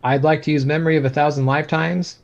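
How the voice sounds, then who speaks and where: A man's voice: a little high, flat delivery, fast, gravelly. A man playing a tabletop game, cracking wry jokes between rolls. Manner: joking, wry asides. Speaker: player. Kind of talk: casual tabletop game chat. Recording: dull lo-fi mic.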